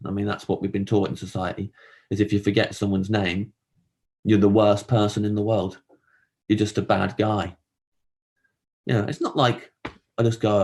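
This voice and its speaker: A man performing a rambling, self-deprecating stand-up monologue, often jumping up high to act out other people. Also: little pitch movement, normal speed, pauses often, a little mellow. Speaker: comedian.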